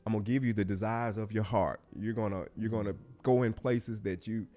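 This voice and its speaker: A middle-aged man, a guest on an interview show, telling a personal story in a reflective, heartfelt way that often drops to a hush and halts. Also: lowish voice, fairly even intonation, brisk, faint music behind.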